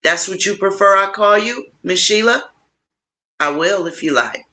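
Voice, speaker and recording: A middle-aged woman host chats with her livestream audience at an unhurried pace. Her voice is bright and forward, and she moves from soft reassurance to playful, high-pitched teasing as she speaks to viewers by name. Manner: warm, encouraging, animated with big pitch swings; playful, addresses viewers directly. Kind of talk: casual livestream chat with viewers.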